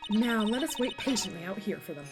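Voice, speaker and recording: A woman's voice: medium pitch, animated, brisk, music in the background, lightly acted. A woman voicing a prim older female spiritual medium who speaks formally and stiffly. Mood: courteous.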